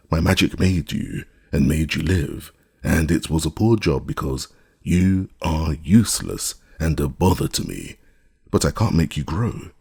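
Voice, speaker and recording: A man's voice: extremely low pitch, gravelly, a little mellow, breathy edge, exaggerated voice. A man voicing a boastful old male magician who lectures about his own inventions. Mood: scolding.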